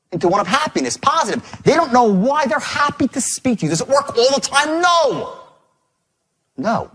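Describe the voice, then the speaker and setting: A husky male sales trainer with a high voice that swings wildly up and down as he tells a story to a seminar. He talks in a profane, punchy way, hammering points home by repeating them. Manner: animated, profane, emphatic repetition.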